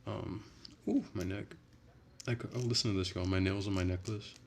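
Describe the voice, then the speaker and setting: A man's voice: sits low, fairly even intonation, moderate pace, vocal fry. A young man hosting a casual livestream from home on his phone, chatty and profane, ranting and answering his viewers. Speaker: livestream host. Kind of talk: casual livestream chat reading comments.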